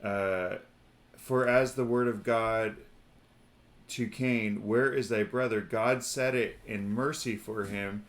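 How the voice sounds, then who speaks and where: A man's voice: on the low side, steady tone, takes it slowly. A man co-hosting a casual podcast chat about scripture, meandering with lots of fillers and reading passages aloud. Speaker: podcast co-host.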